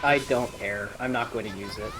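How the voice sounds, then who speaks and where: A man's voice: fairly low pitch, brisk, over loud music. A man streaming a fighting game with a friend, chatting casually, joking and swearing. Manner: joking, profane, rambling. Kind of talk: casual gaming chat.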